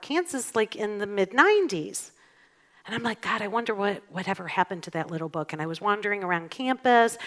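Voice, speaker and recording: A woman's voice: mid-range voice, a bit bright. A middle-aged woman minister giving a conversational, playful sermon in a church and asking the congregation questions. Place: church sanctuary.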